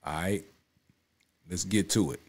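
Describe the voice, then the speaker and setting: A man hosting a reaction video talks in a loose, emphatic way, repeating his points and checking in with his audience. His voice sits a little low. He speaks casually, straight to his viewers. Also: measured pace. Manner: emphatic, repeats himself, keeps saying "you know what I'm saying". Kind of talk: casual spoken commentary.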